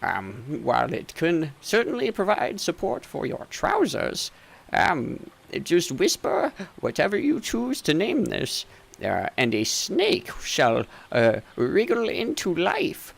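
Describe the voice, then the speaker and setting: A man's voice: wildly swooping pitch, slow pace, vocal fry, full character voice. A man voicing a fussy, hard-of-hearing elderly male shopkeeper who stammers and dithers. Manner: dithering, stammering, high-pitched muttering.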